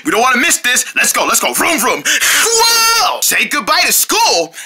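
A performer acting out a playful comedy skit in several voices, excitable and shouting often, with quick, rambling talk. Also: mid-range voice, crowd noise.

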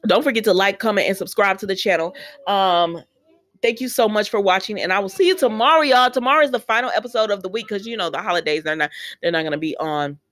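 A woman's voice: mid-range voice, a bit bright. Chatty woman recapping with sassy asides. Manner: chatty, retells scenes with quick quoted voices and sassy asides. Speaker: soap opera recap host. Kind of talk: casual spoken recap.

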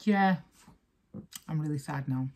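A woman's voice: sits low, a little slow. A young woman reacting to a music video, talking casually and emotionally straight to her viewers.

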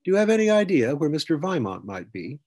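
A man's voice: a little high, sing-song, fast, warm tone, voice pushed up. A man doing a polite, inquiring investigator. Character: curious human male investigator among centaurs.

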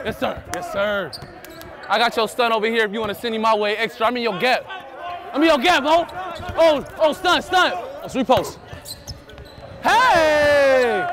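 A young man and college basketball player, wearing a body mic in a gym, keeps up loud, playful hype and trash talk during practice. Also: very high-pitched. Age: young adult. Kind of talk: mic'd up practice chatter. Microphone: body-worn mic. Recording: busy gym with players around. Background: teammates calling out and balls bouncing.

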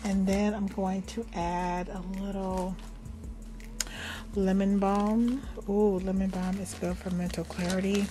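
An older woman talks her way through a home craft tutorial at a mid-range pitch. She rambles cheerfully, affirms herself, and now and then drops into a soft whisper. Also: level tone, slow. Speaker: craft and magic video host.

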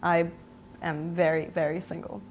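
A woman's voice: on the low side, level tone, normal speed, a little mellow, slight background noise. A young woman from Pakistan with an American accent, a talk show guest who speaks bluntly, laughs easily and swears casually. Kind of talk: casual interview chat.

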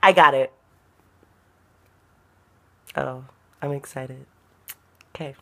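A woman's voice: extremely low pitch, slow pace. Giggly young woman vlogging. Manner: chatty, giggly, animated. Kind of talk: casual vlog chat and storytelling. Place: car, partly.

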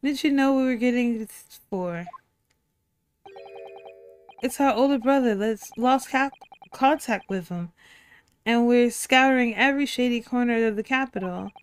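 A woman voicing a cheeky male thief from the game, with a put-on working-class London accent and rough slang. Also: a little high, measured pace, long pauses, lightly acted.

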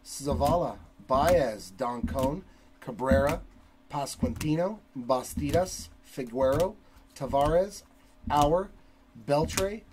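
Male card break host, unhurried delivery, a bit high, noisy stream audio. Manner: rattles off long lists of names in a steady cadence. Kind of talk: live card break recap, reading names.

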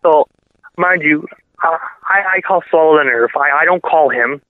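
Male radio guest, excitable storyteller, a touch high, phone-line sound. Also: normal speed, no room sound. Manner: excitable, laughing, acts out quotes. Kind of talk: casual interview storytelling. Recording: dry tinny phone line.

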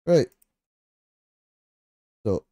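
Male streamer, casual chat, laughs often, swears freely, mellow voice, dry sound. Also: very slow, no room sound. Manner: excitable and chatty.

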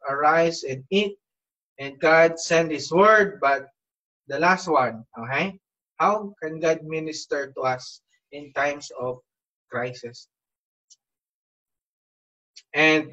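A man preaching a devotional message in a slightly high voice, slow and unhurried. He talks earnestly and exhorts his listeners, often reaching for "you know". The recording sounds dull and lo-fi. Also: a bit bright. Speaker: pastor. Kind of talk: devotional sermon.

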